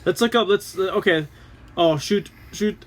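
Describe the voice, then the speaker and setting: A man's voice: sits high, normal speed, slight background noise. A man co-hosting a casual podcast, reacting with wry, teasing remarks. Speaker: podcast co-host. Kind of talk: casual chat.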